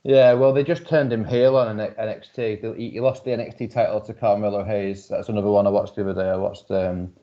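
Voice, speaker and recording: A man co-hosting a casual podcast, rambling with many restarts and quick to laugh. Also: lowish voice, fairly even intonation, mellow. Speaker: podcast co-host. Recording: muffled lo-fi audio.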